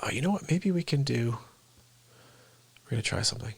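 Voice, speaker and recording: A man's voice: medium pitch, animated, a little fast, creaky, breathy edge. A man hosting an unscripted livestream, rambling and joking and then griping when his tech won't work. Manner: rambling, jokey, frustrated with tech. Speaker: livestream host.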